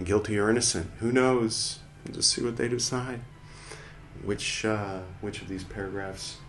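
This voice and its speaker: Low-voiced man reading scripture aloud. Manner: reads quotes slowly and loudly, comments in a lower conversational voice; muttering asides to himself. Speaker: podcast host reading scripture. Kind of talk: reading aloud with casual commentary.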